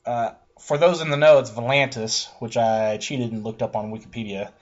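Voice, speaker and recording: A man's voice: mid-range voice, muffled recording. Profane man recapping a show. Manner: profane, animated, paraphrases characters in quick asides. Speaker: podcast co-host recapping a TV episode. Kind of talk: casual recap chat.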